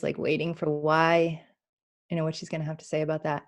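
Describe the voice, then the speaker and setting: Lively woman giving a spiritual reading. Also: low voice, brisk. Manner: animated, acts out inner voices, laughs often. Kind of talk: spiritual reading on a talk show.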